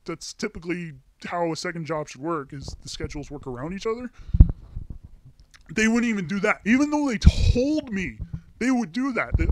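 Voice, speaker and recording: A man's voice: high voice, lively intonation, normal speed, slight background noise. A young man ranting to camera, telling a heated, profane story about a bad job with angry outbursts. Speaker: vlogger. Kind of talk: angry personal rant.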